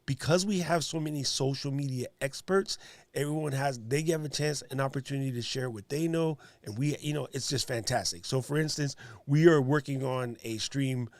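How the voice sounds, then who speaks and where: A man's voice: mid-range voice, no echo. A man with a New York accent hosting a livestream, chatting casually and joking with a guest and viewers. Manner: animated, joking, talks to viewers and chat. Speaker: livestream host.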